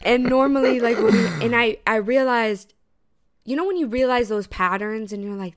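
Young woman, podcast co-host, casual chat, smooth clear voice, lively retelling, blunt and profane. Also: medium pitch, brisk. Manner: animated storytelling, acts out both sides of a quarrel; frank, swears freely, says "literally" and "girl" often.

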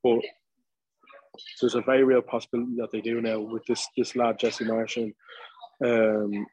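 A man with a Dublin accent, co-hosting a podcast and telling an animated, casual story full of fillers. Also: mid-range voice, normal speed, breathy edge, no echo, muffled recording. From Ireland. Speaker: podcast co-host. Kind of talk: casual chat.

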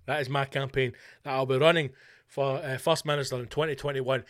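Delivering a foul-mouthed comedic monologue with mock-political bluster, this Scottish podcast host records from a room at home. His mid-range voice is steady and fairly bright, moving a little fast.

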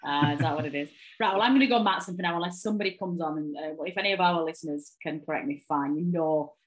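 A woman's voice: low-pitched, fast, rough recording. A woman hosting a casual football podcast, chatting with hesitant ums and restarts. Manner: hesitant, lots of ums, laughs easily. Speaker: podcast host.

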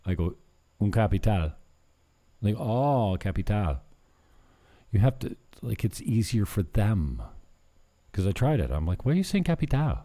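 A man's voice: on the low side, lively intonation, measured pace, long pauses, dark tone. A man chatting casually in a vlog, rambling and joking at himself, slipping in broken Spanish. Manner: rambling, self-mocking, drops in broken Spanish. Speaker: vlogger.

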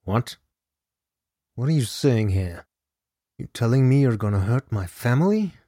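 A man voicing a brooding male hitman who speaks quietly and flatly, with low menace. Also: a little slow, no room sound, clean studio sound. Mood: cold.

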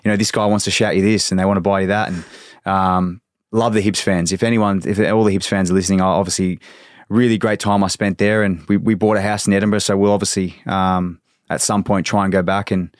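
A man's voice: low voice, level tone, a little fast, dry recording, studio quality. A man in his thirties, a former footballer, telling stories in a casual podcast chat and swearing freely. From Australia. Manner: swears freely, tells anecdotes with quoted voices.

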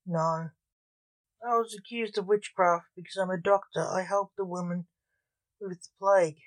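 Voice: medium pitch, steady tone, moderate pace, natural voice. A reader voicing an anxious male doctor who keeps asking worried questions.

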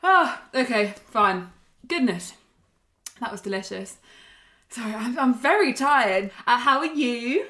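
A young woman co-hosting a podcast, chatting casually and telling stories with lively swearing. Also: a little high, unhurried. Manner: chatty, swears freely, animated storytelling. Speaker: podcast co-host. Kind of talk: casual chat.

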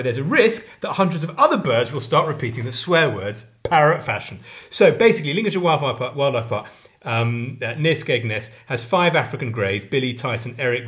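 A man's voice: medium pitch, fairly bright tone. A middle-aged man with an English accent co-hosting a podcast in casual chat, joking, swearing and doing silly voices. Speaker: podcast co-host.

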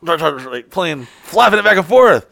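A man's voice: fairly high pitch, sing-song, unhurried, vocal fry, bright, forceful tone, no room sound, soft background music. A man telling a crude story in casual chat, profane and rambling, full of fillers and restarts.

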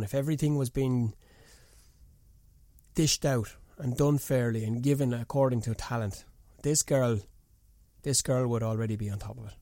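A man's voice: no room sound, clean studio sound. A man delivering an opinionated boxing monologue, ranting indignantly with rhetorical questions. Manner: indignant, rhetorical ranting with sharp pitch jumps. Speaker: boxing pundit.

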